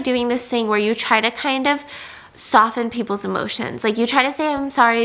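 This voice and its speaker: A woman's voice: fairly high pitch, sharp tone. A young woman from the American South, a vlogger, talking candidly in a rambling, casual way with lots of "like"s. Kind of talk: confessional casual chat.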